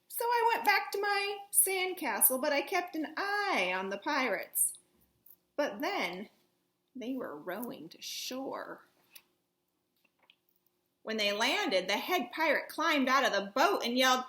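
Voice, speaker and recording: A woman reading a picture book aloud to children, playful and animated, with soft asides. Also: high-pitched, slow pace, reverberant. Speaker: children's story reader. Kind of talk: read-aloud storytelling for children.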